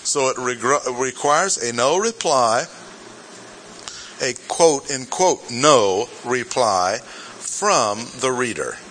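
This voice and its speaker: A man giving verse-by-verse Bible teaching to a gathered group, deliberate and emphatic, stressing and repeating his key points. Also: mid-range voice, expressive, a bit bright, a little hiss or hum, low-quality recording.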